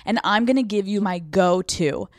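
A woman's voice: medium pitch, no room sound. Young woman, podcast host, brash and foul-mouthed, mid-range voice, dry close sound. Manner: brash, profane and fast-talking. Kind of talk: casual solo podcast chat. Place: restaurant brunch. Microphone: phone.

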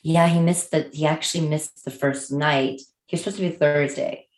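A woman's voice: sits low, fairly even intonation, normal speed. A middle-aged woman chatting candidly, telling a story animatedly and acting out the voices of the people in it. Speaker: guest. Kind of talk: candid casual chat.

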